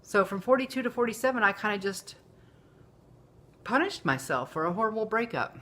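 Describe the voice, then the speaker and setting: A woman's voice: medium pitch, very animated, a little fast, sharp tone. A woman, talking candidly and emotionally in a rambling personal vlog. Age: 40s. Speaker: vlogger. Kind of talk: casual confessional vlog.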